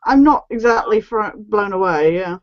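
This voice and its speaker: A woman co-hosting a casual chat about games, agreeable and quick to chime in with "yeah". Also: mid-range voice, expressive, dry recording, lo-fi sound. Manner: agreeable, frequent "yeah" backchannels. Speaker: co-host.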